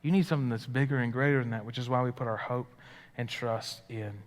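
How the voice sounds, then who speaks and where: A male pastor preaching live to his congregation in a church hall, and his voice carries a long reverb off the room. His pitch sits mid-range. His delivery rises into loud, eager bursts and then drops to soft, hushed lines. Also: brisk. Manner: dynamic preaching, swings from loud and excited to hushed and quiet. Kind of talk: live sermon. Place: church sanctuary.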